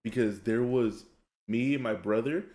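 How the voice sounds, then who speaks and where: A man streaming live, telling stories in a loud, excitable way and laughing often as he reads chat. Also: mid-range voice, unhurried, roomy sound. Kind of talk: casual storytelling while gaming on a live stream.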